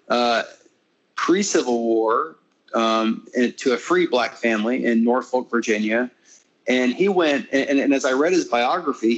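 Rambling American guitarist in conversation. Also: male voice, mid-range voice, rough recording. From United States. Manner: rambling, many restarts and fillers, animated when retelling. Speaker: classical guitarist and interview guest. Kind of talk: casual conversational interview.

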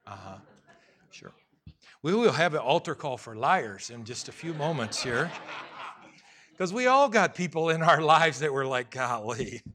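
A man's voice: fairly high pitch, very animated, unhurried, pauses often, a bit bright. A male pastor preaching a sermon to his congregation, conversational and humorous, acting out little scenes.

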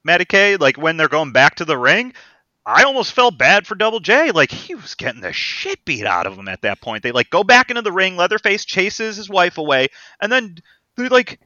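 Excitable high-voiced man, lively. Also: normal speed, no room sound. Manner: excitable, theatrical storyteller. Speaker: podcast co-host. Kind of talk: casual chat. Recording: slightly dull lo-fi sound.

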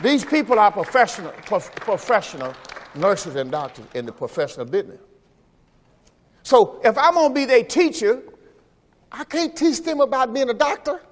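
A man's voice: very high voice, animated, normal speed, a faint crowd. A man preaching a sermon in a folksy style, repeating phrases and calling on the congregation to answer. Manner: preaching with call-and-response to the congregation. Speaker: pastor. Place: church sanctuary during a service. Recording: long church reverb.

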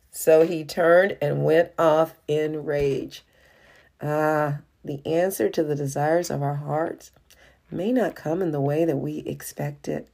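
A woman's voice: low-pitched, fairly even intonation, takes it slowly, vocal fry, warm tone. A woman leading a Bible study. She reads scripture aloud and then explains it conversationally, with frequent fillers. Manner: frequent "uh" and "you know" fillers. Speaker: Bible teacher.

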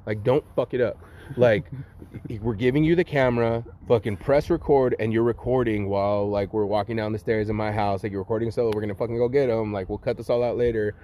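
A man's voice: lowish voice, fairly even intonation, brisk, dark tone, slight background noise. A young man telling a story in casual chat, swearing constantly and laughing between lines. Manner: profane, laughing, lots of "like". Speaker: host telling stories.

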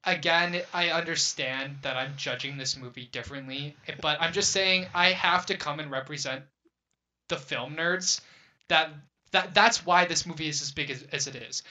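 Hesitant young man with a bright voice. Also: on the high side, moderate pace. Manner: hesitant, many fillers, earnest. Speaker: podcast host. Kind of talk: casual chat.

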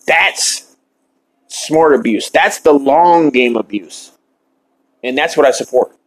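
A man hosting a podcast, delivering a shock-comedy monologue in a deadpan, mock-earnest rant while smoking. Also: mid-range voice, a little slow, poor audio. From Ireland. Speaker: podcast host.

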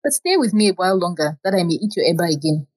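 A woman's voice: on the low side, sing-song, very fast, darkish tone, breathy edge. A woman storyteller voicing an eager, insistent queen from a folk tale, pleading and repeating herself.

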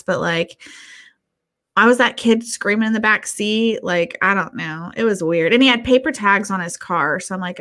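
A mid-range woman's voice moving at a moderate pace tells a story on a podcast where she's co-host. The chat is casual, and she's an animated narrator who curses openly and voices other people's lines.

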